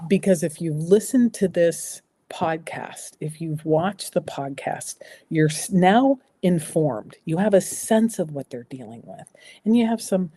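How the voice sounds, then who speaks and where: Middle-aged American woman, husky and mellow, earnest advice-giver who repeats herself for emphasis. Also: low-pitched. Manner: emphatic, repeats phrases, drops to a soft voice for reassuring lines. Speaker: guest speaker. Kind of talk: earnest advice in a talk show conversation.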